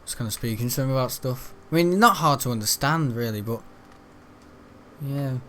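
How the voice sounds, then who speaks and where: A man's voice: medium pitch, lively intonation, moderate pace, fairly bright tone, slight background noise. A young British man rambling casually as he hosts a gameplay video, chatty and meandering, full of fillers and self-corrections. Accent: British English. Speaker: gaming channel host.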